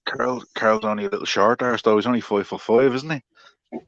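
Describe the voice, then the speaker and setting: A man's voice: medium pitch, a little fast, a bit bright, dull audio. A man on a casual livestream chat who keeps asking the host questions in a friendly way. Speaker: livestream guest.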